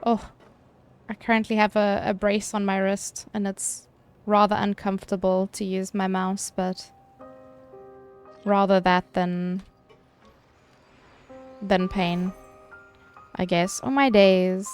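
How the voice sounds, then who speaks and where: A woman's voice: medium pitch, monotone, clean tone, soft background music. Chatty woman streaming a game. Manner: chatty, swears casually, answers chat with quick laughs. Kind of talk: casual live-stream chat.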